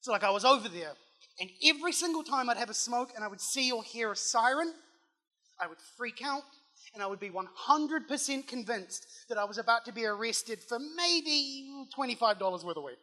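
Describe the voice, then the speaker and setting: A young man with a New Zealand accent doing a loud, punchy stand-up set with plenty of swearing, on a comedy club stage with a handheld mic. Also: very high-pitched, animated, fairly quick.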